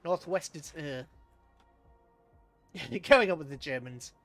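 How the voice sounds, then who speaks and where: A man's voice: fairly high pitch, takes it slowly, fairly bright tone, dry recording, faint music behind. A man chatting casually through a live game stream, laughing often and talking to his chat. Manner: chatty, chuckling, talks to chat. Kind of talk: live gameplay commentary.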